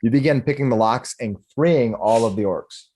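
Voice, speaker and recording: A man narrating a tabletop role-playing game as dungeon master, halting and restarting as he describes scenes and speaks for the characters. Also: mid-range voice, warm tone. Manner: halting, many restarts, narrates while voicing orcs and townsfolk.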